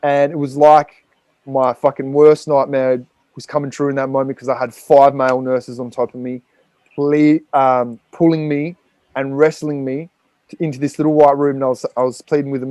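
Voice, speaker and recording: A man's voice: medium pitch, level tone, moderate pace, darkish tone, no echo. An Australian man, a podcast guest, telling a raw personal story with frequent swearing and rambling fillers.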